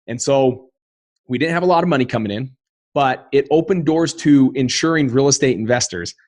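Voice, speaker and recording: A man in his thirties, a podcast guest, telling a personal story in an earnest, animated way and acting out the quotes. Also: mid-range voice, moderate pace, dry recording.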